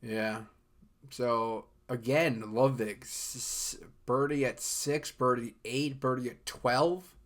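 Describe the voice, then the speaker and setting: A young man hosts a golf podcast on his own, voice pitched in the middle range. He rambles in a loose, easygoing way, breaking off sentences and filling gaps with lots of "uh" and "um". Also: steady tone, slow pace. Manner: loose and rambling, many fillers and restarts. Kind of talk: casual solo podcast chat.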